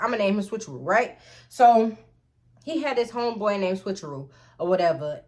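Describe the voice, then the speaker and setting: A woman vlogger telling a storytime tale in an animated, profane way, often calling out to her viewers. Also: medium pitch. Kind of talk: storytime vlog.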